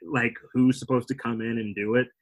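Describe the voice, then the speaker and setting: A man's voice: medium pitch, steady tone, a little fast, rough recording. Rambling young man with wry humor. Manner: rambling, self-interrupting, wry. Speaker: comedian guest. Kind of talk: casual interview chat.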